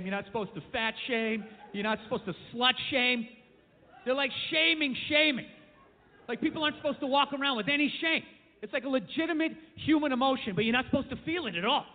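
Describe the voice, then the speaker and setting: A man performing a stand-up comedy set, ranting in a brash, profane way that builds to shouting. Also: very high-pitched, a little hiss or hum. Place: comedy club stage. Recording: tinny, phone-like club recording with long reverb.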